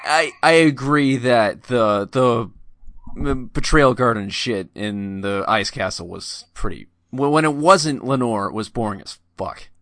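Casting note: bright-toned man, frank and opinionated, casual banter, dry close sound. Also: medium pitch, expressive, unhurried, dry recording. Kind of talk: casual group chat.

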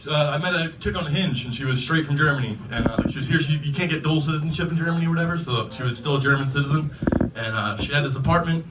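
A man rattles through loose, profane anecdotes at a fast clip. He sits back from a dull-sounding mic. Faint background noise runs under his voice. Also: a little high, distant mic. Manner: rambling, laid-back, profane storyteller. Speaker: podcast guest. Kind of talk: casual storytelling.

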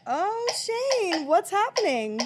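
Giggly high-voiced woman, noisy background. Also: sing-song, takes it slowly. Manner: giggly, teasing. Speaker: co-host. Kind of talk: casual chat. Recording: loud background noise.

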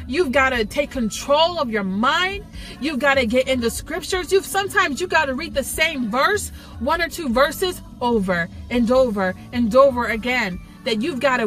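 A woman speaks to camera in a passionate devotional talk. Her voice sits high and bright. She pleads and repeats herself for emphasis, with soft music in the background. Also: expressive, normal speed. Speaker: Christian video teacher.

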